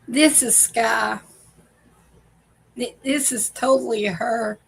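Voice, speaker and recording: A woman's voice: fairly high pitch, steady tone, takes it slowly, vocal fry, husky, low-quality recording. A woman hosting a casual reaction vlog, telling family stories in a chatty way and laughing often. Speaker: video host.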